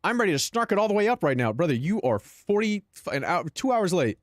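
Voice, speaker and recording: Streamer dude chatting w his viewers, slangy, kinda high voice, dry no room sound. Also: big pitch swings, fast, no room sound. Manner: slangy, calls chat "bro", laughs between lines. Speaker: live streamer. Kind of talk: casual livestream chat.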